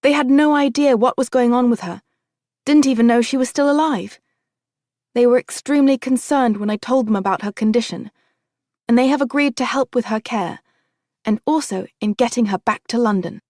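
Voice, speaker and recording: A woman reading an audiobook in a steady storytelling voice. Her voice sits a little high and sounds dry and close to the mic. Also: moderate pace, dry recording. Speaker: audiobook narrator. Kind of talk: scripted narration.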